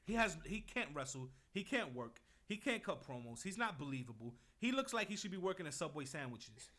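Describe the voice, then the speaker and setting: Brief: young male co-host, bright and higher-pitched, swaggering, profane storyteller. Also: very animated, a little fast. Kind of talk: casual chat.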